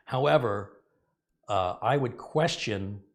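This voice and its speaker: Taking his time, a middle-aged man with a lowish voice hosts a casual computer repair tutorial for his tech channel. He speaks earnestly, wandering off and self-correcting along the way.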